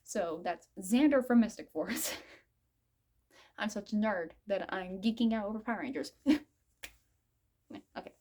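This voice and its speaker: A woman in her mid-twenties telling a story in a casual vlog. She is giggly and excitable, laughs often, and rambles with lots of "I'm like" asides. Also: medium pitch, a little slow, pauses often. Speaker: vlogger.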